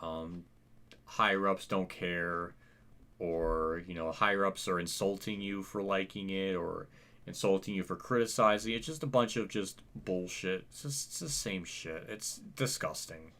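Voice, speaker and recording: A young man talks through a casual channel update late at night, tired and yawning. His voice sits a little low, and he rambles and hesitates with plenty of fillers, sounding worn out and apathetic. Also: fairly even intonation, unhurried, pushed and bright. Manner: weary and apathetic. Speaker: channel host.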